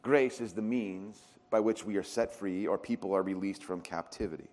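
A man preaching a sermon as a pastor, telling stories with animated swings in pitch and loudness. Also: moderate pace. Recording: long reverb of a large hall.

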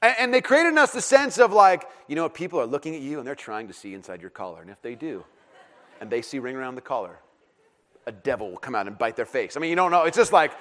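A middle-aged man preaching a sermon in a casual, joking and animated way, with plenty of fillers and restarts. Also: mid-range voice, fast talker. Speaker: pastor.

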